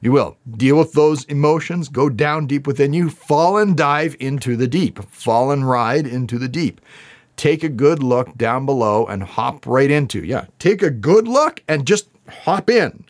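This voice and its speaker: A man's voice: medium pitch, expressive, measured pace. A man talking to camera as he reacts to song lyrics, earnest, spiritual and emotional, laughing often as he speaks. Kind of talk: heartfelt lyric reaction commentary.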